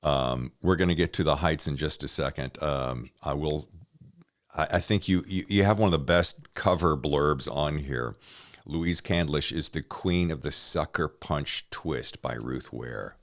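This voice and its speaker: A man's voice: extremely low pitch, measured pace. An American man hosting a podcast interview, chatting casually and with enthusiasm. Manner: enthusiastic, lively, jokey. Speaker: podcast host.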